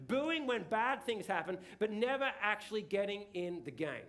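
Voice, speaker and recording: Male pastor, middle-aged, high-pitched, casual rambling preacher who keeps restarting his sentences. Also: big pitch swings, moderate pace, fairly bright tone. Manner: chatty, rambling with many restarts and tag questions. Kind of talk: casual sermon. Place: church hall.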